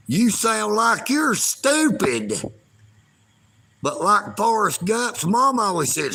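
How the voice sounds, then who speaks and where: On a livestream, a man rants in a folksy, taunting way and refers to himself in the third person. His high voice is sing-song and slow, gravelly, pushed and bright, and slightly rough.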